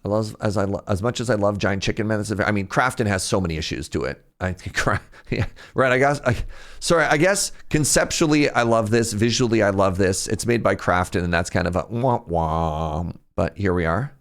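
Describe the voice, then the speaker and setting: A young man chatting casually on a live stream, rambling and jumping in pitch when something excites him. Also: fast talker. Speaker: streamer reacting to a game showcase.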